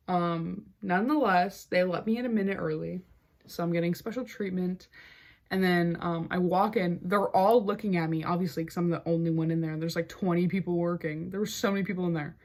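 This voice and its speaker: A woman's voice: lowish voice, fairly even intonation, a little fast, darkish tone. A young woman hosting her own podcast, telling a story in a casual, chatty way, full of "like" fillers and wry asides. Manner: chatty, heavy use of "like" fillers. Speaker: podcast host.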